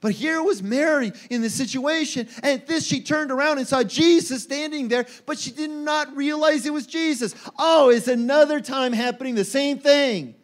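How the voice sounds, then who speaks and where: High-voiced animated male preacher. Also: moderate pace, few pauses. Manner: animated, acts out quoted voices with rising pitch. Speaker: pastor. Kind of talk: sermon. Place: church.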